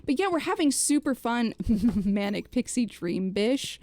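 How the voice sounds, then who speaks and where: A woman's voice: on the high side, sing-song, a little slow, a little mellow, no room sound. A woman co-hosting a game stream in casual, chatty, self-deprecating talk. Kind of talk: casual chat.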